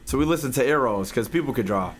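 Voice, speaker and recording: A man's voice: medium pitch, animated, quick pace, slight background noise. A young man streaming a live reaction. He talks to his chat with plenty of profanity and yelps when something startles him.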